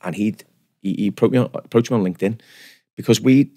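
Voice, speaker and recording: A man, telling stories as a podcast guest in an animated, self-deprecating, rambling way. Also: on the low side, quick pace. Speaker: guest barber. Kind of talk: casual podcast storytelling.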